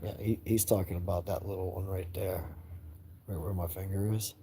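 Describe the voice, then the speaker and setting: A man's voice: deep voice, fairly even intonation, normal speed, dark tone, a little hiss or hum, poor audio. A man talking casually on a livestream at night from indoors by a window, rambling in an easygoing way and chuckling often. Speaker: livestream host talking to chat and his young son.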